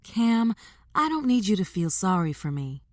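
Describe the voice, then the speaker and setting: A woman voicing a young single mother who is guarded but lively with her family. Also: medium pitch, normal speed, no echo, studio quality, lightly acted. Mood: firm.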